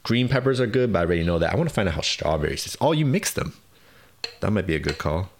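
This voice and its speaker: Laid-back young man, lively voice. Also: sits low, quick pace, background noise. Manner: playful, punning, laughs often. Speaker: podcast co-host. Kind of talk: casual chat.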